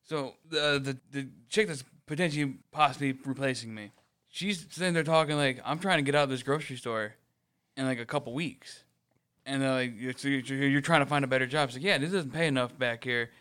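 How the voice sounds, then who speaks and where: A man with a smooth, clear voice at a middle pitch. He rambles through casual podcast chat, joking about himself and cursing now and then. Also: a little fast, fairly bright tone. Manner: rambling, self-deprecating, casual swearing. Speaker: podcast co-host.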